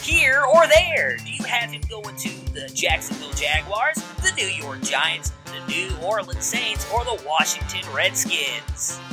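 A man putting on a booming game show announcer. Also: big pitch swings, music in the background. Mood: hyped. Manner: booming, drawn-out announcer delivery. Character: loud, showy adult male game show announcer.

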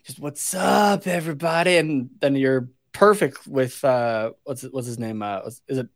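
A man's voice: mid-range voice, a little slow. A man co-hosting a casual podcast, rambling, swearing freely and laughing at himself. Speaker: podcast co-host. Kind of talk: casual chat.

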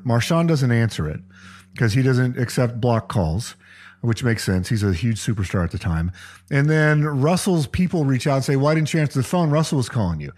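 A man co-hosting a casual podcast, retelling football stories and quoting the players. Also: medium pitch. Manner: animated retelling of football stories with quoted voices. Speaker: podcast co-host. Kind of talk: casual chat, storytelling.

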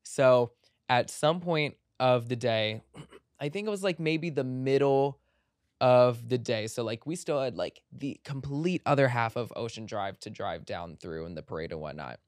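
Profane, animated male storyteller. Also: unhurried, dry recording, studio quality. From Egyptian family background. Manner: animated, breaks into high mimicking voices when quoting people; profane, tangent-filled storytelling. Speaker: podcast host. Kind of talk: casual storytelling monologue.

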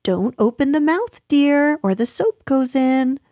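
A woman's voice: sits high, expressive, a little slow, dark tone, no room sound, clean studio sound, pitched above the performer's own voice. A woman voicing a motherly female kangaroo in a storybook reading, soothing but firm.

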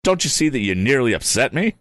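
A man's voice: medium pitch, very animated, brisk, fairly bright tone, no echo, pitched above the performer's own voice. A man voicing a spoiled, rich teenage bully who sneers and growls at others. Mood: surly. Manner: sneering, surly.

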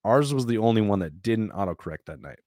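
A man telling a story in a casual, plain-spoken and animated way, sometimes swearing. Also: fairly low pitch, quick pace, dry recording, clean studio sound.

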